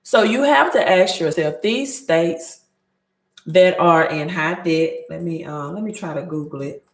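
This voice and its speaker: A woman's voice: on the low side, measured pace, reverberant. A woman with a Southern Mississippi accent hosting a casual livestream, chatting loosely and reading out viewer comments as she thinks aloud. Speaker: credit advice host.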